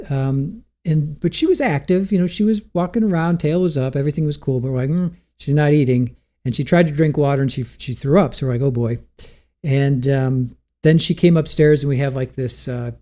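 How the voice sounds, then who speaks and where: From a home room shared with cats, a man hosts a livestream, chatting casually, reading viewer comments aloud and laughing often. His voice is mid-range with a dark tone.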